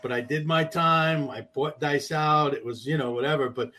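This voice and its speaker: A man, a comedian, telling a quick, rambling story about opening for another comic, peppered with swearing. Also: a little high, fairly even intonation, sharp tone, slight background noise. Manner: quick, rambling, with salty slang. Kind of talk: casual anecdote telling.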